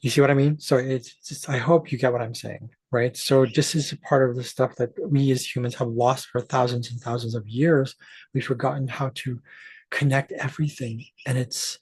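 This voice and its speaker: Husky-voiced man ranting. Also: medium pitch, steady tone, normal speed, a little mellow, no room sound. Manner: emphatic, profane, restarts mid-sentence. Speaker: astrology channel host. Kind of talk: ranting monologue to camera.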